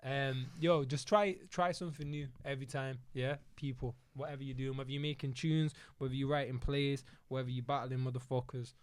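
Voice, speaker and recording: A young man with a Manchester accent co-hosting a casual chat show, slangy and quick to laugh. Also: medium pitch, fairly even intonation, clean tone. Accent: Manchester English. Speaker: podcast co-host.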